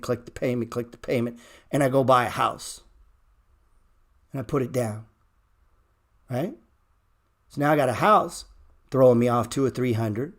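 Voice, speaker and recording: Man, higher-pitched voice, blunt market commentary, swears a lot, repeats himself for emphasis, loud bursts then low mutters. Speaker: stock market show host.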